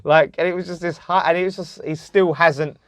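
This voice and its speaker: A man's voice: on the high side, steady tone, a little fast, a bit bright, no room sound, studio quality. A man co-hosting a podcast, chatting casually, swearing freely and acting out quotes. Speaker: podcast co-host. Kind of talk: casual chat.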